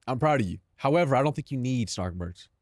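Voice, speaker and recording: A man's voice: medium pitch, animated, quick pace, a little mellow, no echo. Slangy streamer guy, dry close sound. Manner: slangy, calls chat "bro", laughs between lines. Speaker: live streamer. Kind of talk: casual livestream chat.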